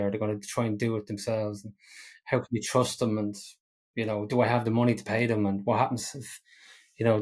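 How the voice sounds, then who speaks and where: A man's voice: on the low side, a little mellow. A man hosting a podcast, asking teasing questions in a friendly, casual way and often repeating words. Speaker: podcast host. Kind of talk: casual interview chat.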